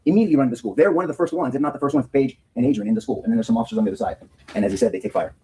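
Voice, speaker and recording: A man's voice: medium pitch, racing, dark tone, husky, low-quality recording. A man speaking as a defense attorney in a courtroom, giving an earnest opening statement to a jury and often repeating words as he restarts his sentences.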